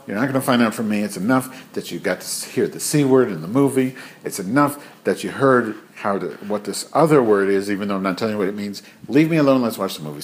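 A man's voice: lowish voice, slight background noise. A man telling a rambling, profane anecdote to camera in a casual vlog. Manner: rambling and profane, with many fillers. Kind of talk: casual storytelling.

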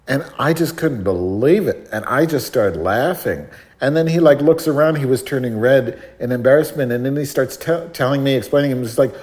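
A man chatting casually and telling a story in a sardonic, animated way, sometimes mimicking other voices. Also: medium pitch, brisk.

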